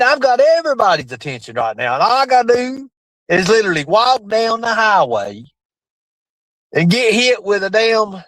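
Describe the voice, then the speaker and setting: A man hosting a livestream, rambling in crude casual chat with sudden jumps in pitch. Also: a bit bright, no room sound, rough recording. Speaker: livestream host.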